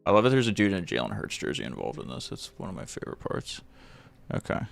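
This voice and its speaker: A man hosting a live stream, giving an animated, mocking, profane running commentary on a video. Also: low voice, fast, vocal fry, faint music behind.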